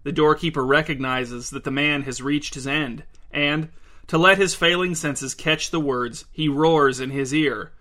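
Man reading stories in a bright voice. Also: a little high, steady tone, measured pace. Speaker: reader. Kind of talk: reading literary short stories aloud.

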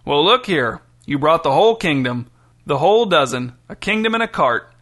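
Arrogant mocking bandit leader, storybook, high and bright, as a man puts him on. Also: lively intonation, moderate pace. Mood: taunting. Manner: mocking, taunting.

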